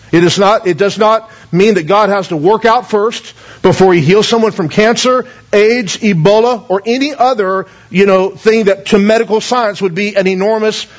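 High-voiced man preaching a sermon. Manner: earnest preaching, asks the congregation questions, repeats words. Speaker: pastor. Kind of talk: sermon with scripture reading and prayer. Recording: dull lo-fi recording.

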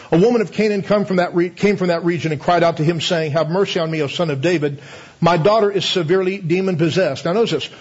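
High-voiced, husky preacher man. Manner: conversational preaching with rhetorical questions and laughs. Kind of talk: sermon. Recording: slightly dull lo-fi sound.

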